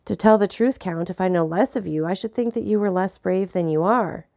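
A woman's voice: mid-range voice, a little fast, vocal fry, mellow, dry recording, studio quality, close to an everyday voice. A woman voicing an anxious, earnest young soldier who pleads with his friend.

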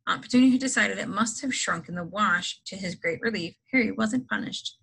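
A woman reading a novel aloud with expressive storybook narration. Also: mid-range voice, brisk, vocal fry, slightly rough, low-quality recording. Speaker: reader.

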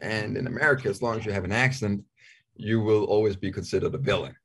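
A man's voice: fairly low pitch, fast talker, fairly bright tone, slightly rough. A man in his forties from Denmark with a Danish accent, chatting candidly as an interview guest, joking and often repeating himself. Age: 40s. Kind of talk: casual interview chat.

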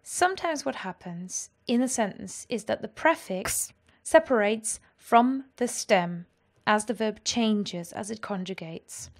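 A woman teaching a language lesson, explaining clearly and with lively energy. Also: medium pitch, measured pace, few pauses.

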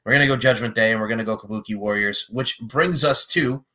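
A man talking casually at a middle pitch, joking as he goes. His delivery is animated and breaks into sudden loud bursts. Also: quick pace. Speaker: podcast host predicting wrestling matches. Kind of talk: casual chat.

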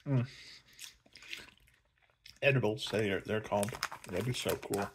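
A man's voice: lowish voice, a little slow, slight background noise. A man rambling sarcastically through a casual movie review vlog. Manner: sarcastic, rambling, laughs often. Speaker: vlogger reviewing a film.

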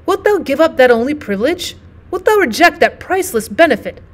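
A shamed but resolute woman who begs earnestly in old-fashioned phrases, voiced by a female reader. Her voice sits a little high and stays grave and steady. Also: a little fast. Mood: pleading.

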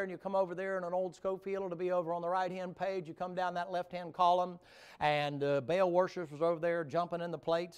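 A revival preacher, a man, speaks to a congregation in a church. His voice sits high and rings out smooth and clear. He mixes homespun jokes with fervent, rising appeals. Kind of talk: folksy revival sermon. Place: church sanctuary before a congregation.

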